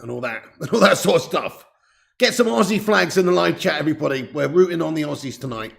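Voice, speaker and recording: A man hosting a live football watch-along stream, chatty and excitable, greeting viewers and swearing casually. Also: fairly high pitch, quick pace, vocal fry.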